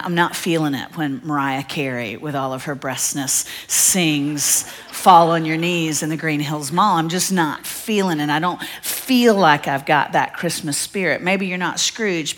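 Low-voiced woman preaching. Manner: animated storyteller, acts out children's cries. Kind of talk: sermon storytelling.

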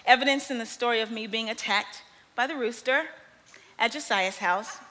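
A young woman preaching a sermon, telling stories with animated energy and frequent laughter. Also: a little high. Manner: animated storytelling, laughs often. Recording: long reverb of a large hall.

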